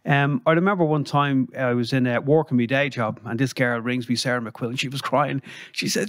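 An Irish man recounting anecdotes in a casual podcast chat, his voice sitting at an ordinary middle pitch. He rambles from one story to the next, lifting into animated quoted voices along the way. The recording is close and dry. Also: a little fast, hardly any pauses, no echo. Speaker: guest.

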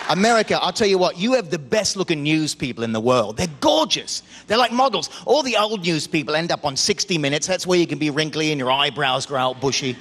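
A man's voice: on the high side, big pitch swings, fairly quick, hardly any pauses. A man with an Australian accent performing a stand-up comedy set, shifting into put-on voices and accents for his characters. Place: comedy club stage with audience. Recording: live club recording, loud crowd and noise, hall reverb.

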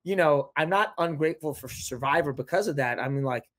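A young man chatting casually as a podcast guest, telling lively stories and acting out quotes from others. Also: a little high, brisk. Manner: animated storyteller, quotes others in lively voices. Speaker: podcast guest, reality show contestant. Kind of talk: casual chat.

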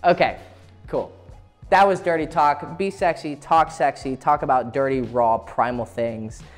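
A man's voice: medium pitch, steady tone, a little slow, soft background music. Crude, laughing man giving dating advice. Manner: crude, profane, laughs often. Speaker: dating coach. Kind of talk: casual instructional talk.

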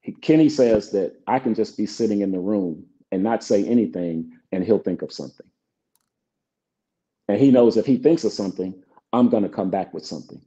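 A man's voice: lowish voice, a little fast, dark tone. A middle-aged man, a songwriter guest, telling stories in an interview and acting out old conversations. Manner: acts out both sides of past conversations. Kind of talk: relaxed interview storytelling. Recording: dull lo-fi sound.

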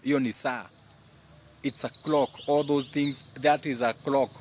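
Male streamer, mid-pitched, preachy and rambling, chants repeats, faint background hiss. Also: fairly even intonation, measured pace. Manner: preachy, switches between English and Swahili mid-sentence; repeats phrases in chant-like bursts. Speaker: live stream host. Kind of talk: rambling live-stream monologue reading comments.

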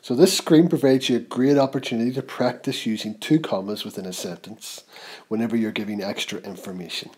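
A man teaching a grammar lesson, reading example sentences slowly and with emphasis. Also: lowish voice, a little mellow. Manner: slow, clear, reads example sentences aloud with emphasis.

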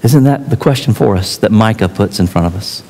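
A man preaching a sermon as pastor, telling stories and acting out quotes with emphatic pauses. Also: on the low side, a little mellow. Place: church sanctuary. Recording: church hall reverb.

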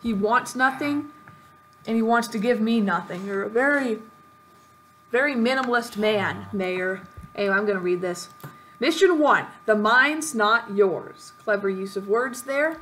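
A woman's voice: mid-range voice, normal speed, a little hiss or hum. A woman hosting a let's-play video, chatting through a game in a playful, mock-dramatic way. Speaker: gaming video host.

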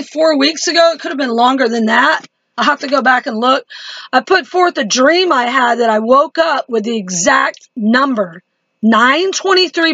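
A woman's voice: high voice, fairly bright tone, no room sound, highs cut off. A woman chatting to her viewers in a casual religious video diary, laughing easily. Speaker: Christian vlogger.

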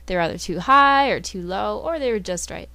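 A woman telling a fairy tale and pausing to explain the math behind it. She reads steadily, lifting her voice on the story beats. The recording is dry and close, with no room sound. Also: medium pitch, lively intonation, sharp tone, no echo.

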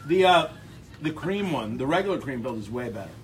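A man's voice: medium pitch, a little fast, a little hiss or hum. A man hosting a radio taste test, joking and laughing as he chats. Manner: joking, animated, laughs often. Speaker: radio host. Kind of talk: casual chat.

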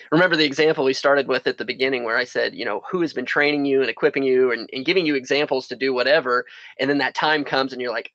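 A man's voice: medium pitch, fairly quick, a bit bright, no room sound, lo-fi sound. A man preaching a sermon outdoors, earnest and repeating phrases for emphasis. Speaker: pastor. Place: outdoors in the sun.

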